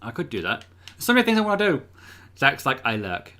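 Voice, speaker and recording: A man in casual live-stream chat, talking from a room at home. His voice is bright and forward, neither high nor low. He rambles loosely, with frequent ums and uhs. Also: huge pitch swings, fast talker. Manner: rambling, filler-heavy, chatty. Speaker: livestream host.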